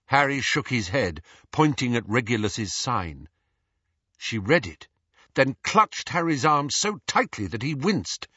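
A man narrating an audiobook with expressive, varied storytelling. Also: mid-range voice, a little slow, slightly rough, dry recording. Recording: dull lo-fi dry audio.

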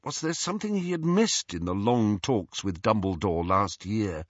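A man narrating an audiobook with expressive storytelling delivery. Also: on the low side, moderate pace, hardly any pauses, breathy edge, dry recording. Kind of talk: scripted narration. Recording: dull lo-fi recording, dry.

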